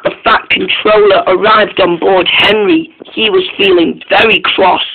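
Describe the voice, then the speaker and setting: Halting, high-voiced man narrating a story. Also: fairly even intonation, background noise. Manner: halting, restarts sentences often. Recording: tinny phone-like lo-fi sound.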